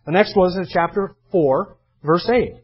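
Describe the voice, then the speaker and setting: High-pitched husky preacher man. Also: unhurried. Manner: emphatic, reads scripture aloud and comments between verses. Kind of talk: expository sermon. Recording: dull lo-fi sermon recording.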